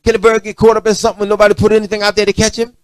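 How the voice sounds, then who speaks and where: A middle-aged man preaching a sermon, swinging from loud emphatic lines to low muttered asides. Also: completely flat delivery, rapid-fire, no echo. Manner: preachy, rising to shouts and dropping to low asides.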